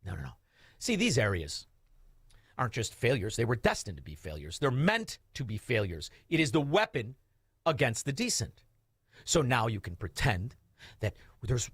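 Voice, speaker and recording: A man hosting a political talk radio show, combative and mocking, with sudden shouted insults. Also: mid-range voice, very animated, normal speed, husky, dry recording, studio quality.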